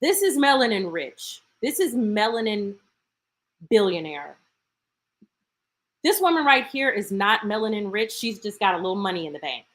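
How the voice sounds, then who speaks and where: A woman's voice: mid-range voice, sing-song, moderate pace, fairly bright tone. A woman hosting a live stream, talking casually and playfully to her viewers and thinking aloud as she goes.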